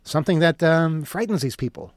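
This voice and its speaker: A man's voice: a little high, a little fast, no echo, clean studio sound. A man delivering an opinion monologue in a sarcastic, mocking tone. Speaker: commentator.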